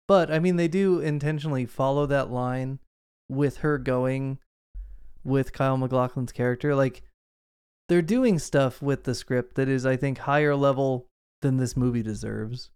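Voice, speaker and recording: A podcast co-host rambles casually about a movie, full of fillers and side comments. His medium-pitched voice is clear, resonant and a little mellow, delivered at a moderate pace in a dry, studio-quality recording.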